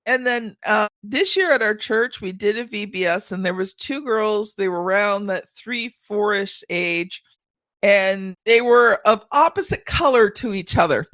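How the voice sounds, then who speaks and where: An older woman hosting a podcast, telling stories in a chatty, animated way. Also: mid-range voice, a little slow, no echo. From Canada. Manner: chatty storyteller, acts out children's voices. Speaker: podcast host. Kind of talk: casual chat.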